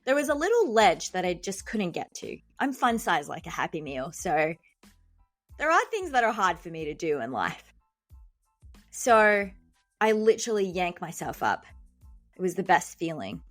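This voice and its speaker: A woman's voice: lowish voice, very animated, normal speed, fairly bright tone, no echo. A young woman hosting a podcast, telling a dramatic story with jokes at her own expense. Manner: joking, self-deprecating, dramatic. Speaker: podcast host and doctor. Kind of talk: comic storytelling monologue. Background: faint background music.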